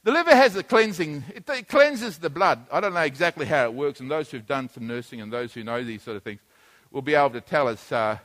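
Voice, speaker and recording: A man's voice: on the high side, a bit bright. A man preaching a sermon, teaching plainly and then building to emphatic, repeated points.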